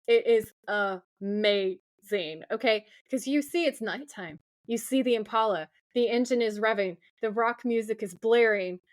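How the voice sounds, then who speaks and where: Woman co-host, animated fan chat, curses casually, acts out scenes. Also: on the high side, unhurried, hardly any pauses. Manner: animated, swears freely, acts out quoted lines. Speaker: podcast co-host. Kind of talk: casual chat recapping a TV episode.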